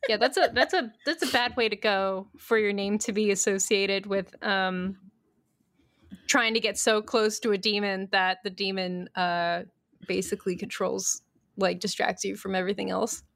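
A woman hosting a podcast, easygoing and quick to laugh, with many hesitant fillers. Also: mid-range voice, fairly even intonation, gravelly, fairly bright tone, no room sound, studio quality. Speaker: podcast host. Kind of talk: casual chat.

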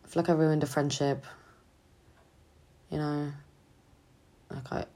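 A young woman student talking haltingly and hesitantly in a confessional vlog, sounding drained and low on energy. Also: little pitch movement, warm tone. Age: young adult. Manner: halting, hesitant, full of restarts. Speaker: student vlogger.

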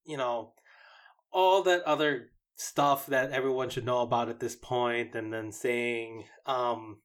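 A man co-hosting a casual podcast chat, animated and full of stumbling restarts. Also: medium pitch, a little slow, clean tone. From United States. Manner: animated, stumbling restarts, mocking quoted voices. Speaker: podcast co-host.

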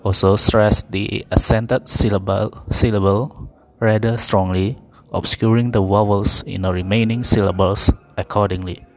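Slow, careful man reading drill words. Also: lowish voice, fairly even intonation, darkish tone. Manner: careful, deliberate word-by-word reading. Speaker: pronunciation practice reader. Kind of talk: slow read-aloud pronunciation drill.

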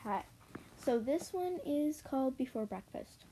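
A woman's voice: high voice, expressive, moderate pace, mellow, a little hiss or hum, rough recording. A woman reading a children's book aloud, hesitant, with stumbles and fillers. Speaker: reader.

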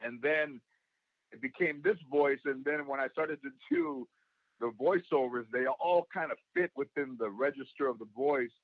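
A man with a gravelly voice, a comedian being interviewed, telling stories and acting out what people said. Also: mid-range voice, sing-song, normal speed, dry recording, narrow, tinny audio. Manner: storytelling, acts out quoted voices. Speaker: guest, comedian and actor. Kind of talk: casual interview talk.

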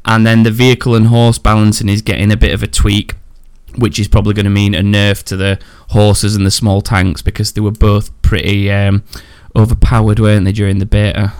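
A man's voice: fairly low pitch, monotone, brisk, few pauses, darkish tone, clean tone. A man hosting a casual podcast, reading out gaming news in a loose, chatty way with fillers. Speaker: podcast host.

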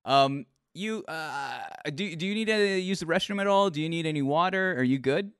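A man hosting a livestream interview show, talking in an animated way and often repeating his words. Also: fairly high pitch, moderate pace, clean tone, no echo, studio quality. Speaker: host.

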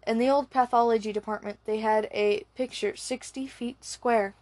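A woman reading the lines of a hoarse, discontented older male forensic chief in an audiobook, with a dry, grumbling manner. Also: on the high side, steady tone, moderate pace, a little mellow, a little hiss or hum, natural voice.

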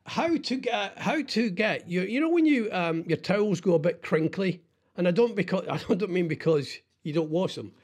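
This middle-aged man hosts a radio show, chatting casually in a rambling way full of halting restarts and jokes at his own expense. He has a high-pitched, expressive voice.

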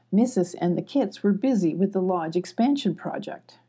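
A woman's voice: lively intonation, moderate pace, few pauses, breathy edge. A woman reading a children's storybook aloud, raising her voice for the animal characters. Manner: gentle storytelling, lifting her pitch for animal characters' lines. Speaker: audiobook reader.

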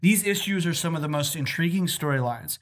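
A woman co-hosting a casual podcast reads listener emails aloud, giggly and animated, with plenty of fillers and laughter. Her voice sits low and she talks a little fast.

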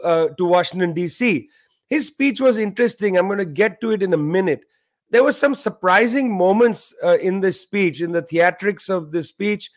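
A man with a notably high voice hosts a news show. He speaks in a measured, emphatic way and leans on frequent fillers as he works through his commentary.

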